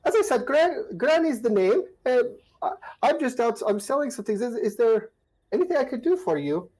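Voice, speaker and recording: A man's voice: very high-pitched, very animated, normal speed, darkish tone, husky, pitched above the performer's own voice, heavily acted. A man voicing a friendly old woman selling pastries from a cart, sweet and fond of saying dearie. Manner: sweet, calls people dearie.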